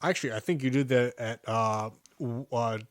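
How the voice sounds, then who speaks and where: A man chatting on a casual podcast in a dry, matter-of-fact way. The recording is close and dry, with no room sound, and his voice sits at an average pitch. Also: moderate pace, no echo. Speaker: podcast co-host. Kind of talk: casual chat among friends.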